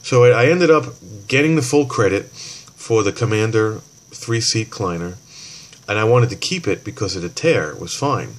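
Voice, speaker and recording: A man's voice: lowish voice, lively intonation, normal speed. A man ranting heatedly about a store, swearing and rambling, acting out both sides of phone calls. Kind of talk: casual rant.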